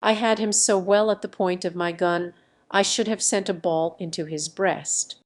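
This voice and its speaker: A woman voicing a cool but hot-tempered male musketeer in an audiobook, speaking in a sharp, impatient way. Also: on the low side, steady tone, normal speed, lightly acted. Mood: tense.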